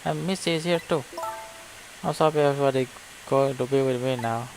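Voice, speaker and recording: An Indonesian-accented man reading the lines of a polite, hopeful young girl in a game, in a soft and earnest way. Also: medium pitch, fairly quick, close to an everyday voice, rough recording. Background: game music.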